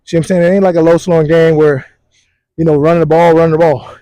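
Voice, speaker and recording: A man co-hosting casual sports talk, animated and slangy, telling it like a story. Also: on the high side, fast, dry recording, poor audio. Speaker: sports podcast co-host.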